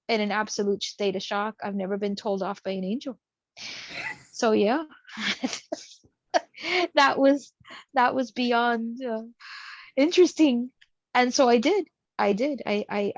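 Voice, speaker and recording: A woman's voice: fairly high pitch, unhurried, pauses often, no echo. A woman casually telling a personal story in a chatty way, acting out the people she quotes. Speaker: guest sharing a spiritual experience. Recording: dull, dry lo-fi sound.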